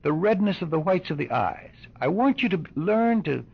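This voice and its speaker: An older man teaching a class of doctors as a hypnosis instructor, deliberate and questioning, repeating his points, on an old lo-fi tape recording. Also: high voice, sing-song, creaky, breathy edge.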